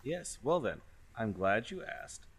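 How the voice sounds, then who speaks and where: A man's voice: mid-range voice, big pitch swings, unhurried, breathy edge. A man playing a tabletop game, talking hesitantly and jokingly in casual chat. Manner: hesitant, jokey, with frequent laughter.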